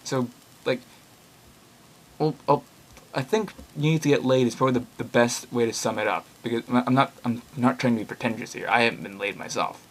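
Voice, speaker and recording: A man's voice: mid-range voice, fairly quick, a bit bright. A young man reading online horror blogs aloud with casual commentary, rambling and opinionated, swearing now and then.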